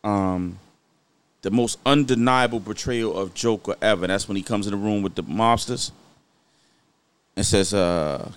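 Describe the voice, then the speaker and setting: A man co-hosting a casual podcast chat, slangy and animated, often cutting in. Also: fairly low pitch, clear, resonant tone. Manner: animated, slangy, quick to interrupt. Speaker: podcast co-host.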